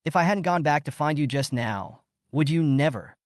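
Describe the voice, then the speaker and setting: A man doing a proud curt young woman, sharp short replies, voice pitched up, dry sound. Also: expressive, moderate pace, dry recording, natural voice. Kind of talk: narrated story recap.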